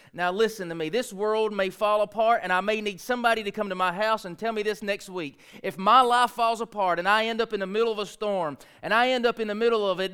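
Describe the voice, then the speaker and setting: A male pastor preaching a folksy sermon, swinging from loud emphatic lines to hushed asides. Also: high-pitched, clear, resonant tone.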